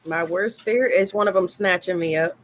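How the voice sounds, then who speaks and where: A woman's voice: lowish voice, moderate pace. A woman chatting on a video call as the guest cryptid hunter, emphatic and repeating herself for stress. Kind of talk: casual video call chat.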